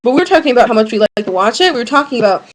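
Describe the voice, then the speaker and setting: A young college student vlogs from home, ranting casually to her webcam and rambling with plenty of fillers and restarts. Her slightly high voice is animated and rapid-fire, captured by a low-quality webcam mic.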